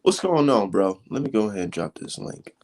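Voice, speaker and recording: A man hosting a casual live stream, talking fight talk in loose slang and getting animated as he rants. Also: brisk. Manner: animated, slangy, swings high when mocking critics. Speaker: livestream host.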